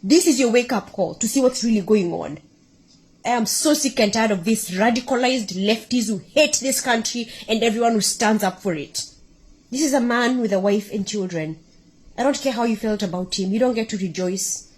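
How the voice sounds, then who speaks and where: A woman content creator rants straight into the camera, fiery and accusatory. Her voice sits a little high with a husky, breathy edge. She builds to sharp, emphatic outbursts. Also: moderate pace. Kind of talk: impassioned political rant to camera.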